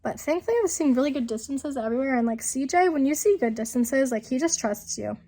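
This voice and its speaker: A young woman talks through her vlog footage in a loose, chatty voiceover, full of fillers and side remarks. Her voice sits a little high but sounds rough and sick from an illness that has not cleared up. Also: expressive, fast, warm tone. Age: young adult. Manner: chatty, rambling, many fillers. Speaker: vlogger. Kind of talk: casual voiceover narration. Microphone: voiceover mic.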